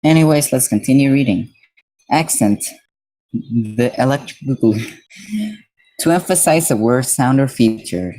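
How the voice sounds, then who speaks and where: Mellow-voiced man reading a dictionary aloud. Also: mid-range voice, a little slow, long pauses, low-quality recording. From Mexico. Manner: reads definitions aloud, breaking off to chat casually with viewers. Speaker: streamer.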